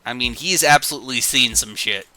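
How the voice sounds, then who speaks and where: A man's voice: medium pitch, fairly quick, sharp tone. A man streaming a casual read-through of old comics, with sarcastic, joking asides and swearing.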